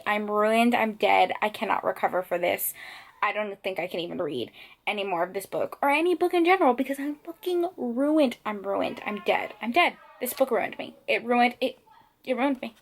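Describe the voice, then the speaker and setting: A woman's voice: a little high, fairly quick. A young woman in a reading vlog, tearful and rambling, repeating herself and swearing as she talks about a book. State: tearful, crying. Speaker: book vlogger. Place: at home, indoors.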